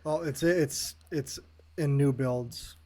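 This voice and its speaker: A man co-hosting a podcast in casual chat, telling stories in a relaxed way and laughing easily. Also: on the high side, slow pace. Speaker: podcast co-host.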